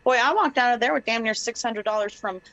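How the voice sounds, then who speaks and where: A woman in her thirties telling a story on a podcast, animated and profane, acting out the people she quotes. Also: a little high, quick pace, muffled recording. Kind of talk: casual storytelling chat.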